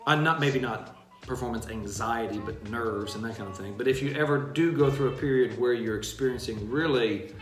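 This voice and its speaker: A man co-hosting a casual live-stream chat and speaking in a measured, reflective way. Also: medium pitch, echoey room, faint music behind. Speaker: co-host, opera singer.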